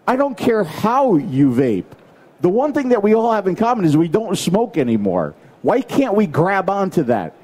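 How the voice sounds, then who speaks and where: Man, American accent, higher voice, mellow tone, casual panel talk, emphatic, rambling with fillers. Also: very animated, normal speed. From United States. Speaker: conference panelist.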